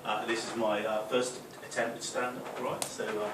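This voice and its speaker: A man's voice: on the low side, little pitch movement, moderate pace. A young man from Newcastle with a mild Geordie accent doing his first stand-up set, chatty, sweary and teasing the crowd. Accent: mild Geordie, mostly softened. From Newcastle, England. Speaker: stand-up comedian. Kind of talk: stand-up comedy. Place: small club function room with audience. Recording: far-off, echoey room, noisy crowd.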